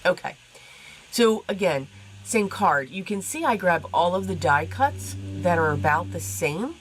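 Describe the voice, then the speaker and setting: A woman's voice: on the low side, expressive, a little slow, slight background noise, low-quality recording. A woman with a stuffy nose from allergies, chatting casually as she explains her card-making while she works. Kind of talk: casual crafting tutorial.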